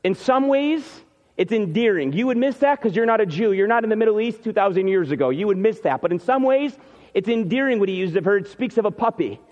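A man's voice: sits high, lively intonation, fast, darkish tone. A man preaching a sermon, retelling the scene and acting out what the people say. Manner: storytelling, acts out scenes. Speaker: pastor. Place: church sanctuary. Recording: muffled hall reverb.

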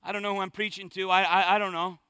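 A male pastor preaching with a strikingly high, bright voice that stays crisp and close. His delivery is impassioned and conversational, sliding from near-hushed lines to loud bursts. The sound is dry, with no room around it. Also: level tone, quick pace, dry recording. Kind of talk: sermon.

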